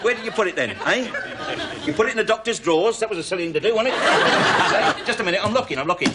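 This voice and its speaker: Cheeky burglar faking being a doctor, bouncy up-and-down voice, lots of hiss on the old tape. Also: male voice, high-pitched, animated, fast talker, a loud crowd. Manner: chatty, bluffing, full of tag questions. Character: cheeky middle-aged male burglar bluffing as a doctor. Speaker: comic actor in a sketch. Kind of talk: television sketch comedy acting. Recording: noisy old TV recording.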